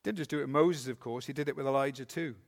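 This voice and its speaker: A man preaching a sermon, earnestly asking the congregation questions and reading scripture slowly with emphasis. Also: mid-range voice, gravelly. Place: church. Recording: long hall reverb.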